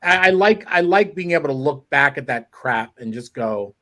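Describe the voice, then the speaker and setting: A man's voice: fairly high pitch, animated, normal speed, a bit bright. A man chatting as a guest on a talk show, rambling and correcting himself as he tells stories. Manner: rambling, self-correcting storyteller. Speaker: guest sculptor. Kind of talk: casual chat.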